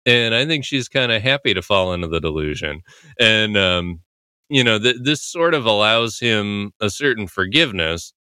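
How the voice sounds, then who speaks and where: A man's voice: on the low side, lively intonation, normal speed, pushed and bright, clear, resonant tone, dry recording, studio quality. A man hosting a show, casually breaking down a TV episode in a loose, rambling way, full of filler words and laughing often. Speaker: podcast host analyzing a TV episode. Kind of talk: casual commentary.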